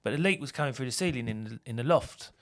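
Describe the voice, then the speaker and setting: A man's voice: medium pitch, expressive, fast talker. A tradesman telling war stories from the job on a podcast. His voice swings up and down with plenty of life, and he swears freely and laughs through the punchlines. It's loose, casual chat.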